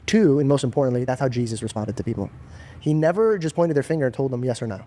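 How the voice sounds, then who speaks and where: A man's voice: mid-range voice, fast. A man on a podcast telling a story with conviction and acting out the lines of the people in it. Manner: animated storyteller who acts out quoted dialogue.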